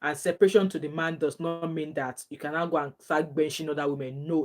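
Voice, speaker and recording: A middle-aged woman with a Nigerian accent, chatting casually as a vlogger, reading out viewer comments and reacting with frequent laughter and bits of Pidgin. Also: deep voice. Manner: chatty and animated, laughs often, drops into Nigerian Pidgin phrases. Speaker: gossip vlogger.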